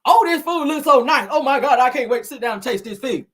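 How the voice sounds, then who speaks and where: A lady putting on a high loud country auntie, gushing and bossy, husky edge. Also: expressive, exaggerated voice. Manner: drawn-out gushing, scolding.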